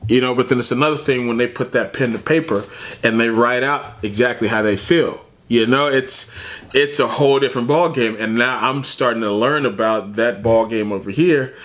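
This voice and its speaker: A man talking through a reaction video in an easygoing, chatty way. His voice sits at a medium pitch, and he keeps breaking into laughter and tossing in man and bro as he goes. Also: normal speed, a bit bright. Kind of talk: casual commentary.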